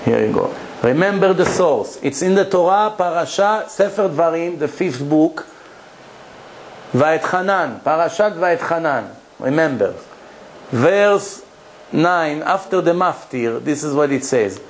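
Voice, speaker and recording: Higher-pitched preaching rabbi, emphatic. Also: male voice, lively intonation, a little slow, poor audio. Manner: emphatic preaching with told stories and rhetorical questions. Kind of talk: Torah lecture to a live audience.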